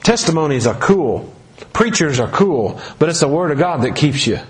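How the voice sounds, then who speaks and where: A man's voice: a little high, big pitch swings, normal speed. A man preaching a sermon as pastor, talking casually and joking as he tells the story.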